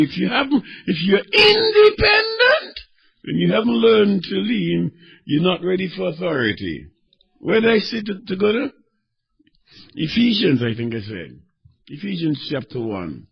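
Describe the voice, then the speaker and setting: A man preaching a sermon, swinging between fervent shouting and quieter teaching as he reads scripture. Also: high-pitched, sing-song, unhurried, gravelly, husky. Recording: dull lo-fi recording.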